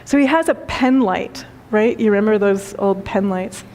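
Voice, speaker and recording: A woman spiritual teacher giving a talk and telling a story, speaking gently with repeated phrases and frequent laughter. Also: mid-range voice, normal speed. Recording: long hall reverb.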